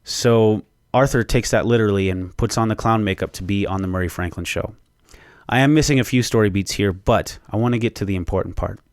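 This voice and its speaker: A young man hosting a podcast, excitedly retelling a movie's plot in a rambling, profane way. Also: on the low side, a little fast, no room sound, clean studio sound. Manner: excited storytelling with frequent swearing; rambling, with fillers and restarts. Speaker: podcast host. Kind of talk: casual movie spoiler recap.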